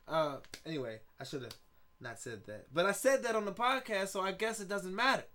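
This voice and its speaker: A man's voice: high voice, brisk, bright, forceful tone. A man hosting a solo podcast in rambling, jokey casual chat, laughing often and tripping over repeated words. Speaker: podcast host.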